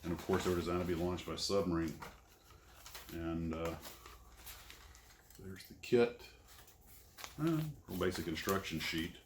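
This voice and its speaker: A man's voice: sits low, unhurried, long pauses. A man unboxing scale model kits in casual commentary, rambling and self-deprecating. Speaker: scale model kit reviewer. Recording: echoey room, faint noise.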